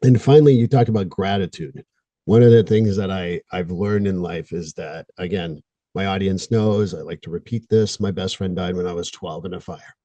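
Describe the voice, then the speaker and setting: Give me a blunt, joking man host with a deep, warm voice. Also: moderate pace, no echo, muffled recording. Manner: blunt, jokey, real-talk. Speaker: podcast host and therapist. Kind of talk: casual interview chat.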